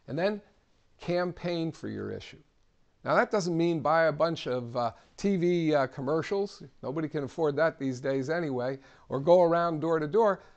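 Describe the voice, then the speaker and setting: A man leads an instructional civics session in a plain, practical manner. His voice sits a touch higher than most men's, and he talks with steady encouragement. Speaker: civic trainer. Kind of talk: instructional talk.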